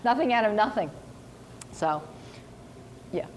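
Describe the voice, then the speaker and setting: A woman's voice: mid-range voice, lively intonation, unhurried, a little hiss or hum. A woman novelist speaking at a university seminar, chatty and self-mocking, acting out remarks she quotes. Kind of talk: casual talk answering audience questions.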